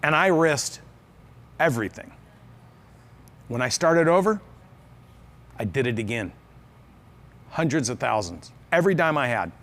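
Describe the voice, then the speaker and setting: A man's voice: medium pitch, expressive, measured pace, pauses often, a bit bright. A man giving a motivational business talk on stage. He speaks earnestly and with emphasis, and he often repeats phrases for effect. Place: event stage with live audience.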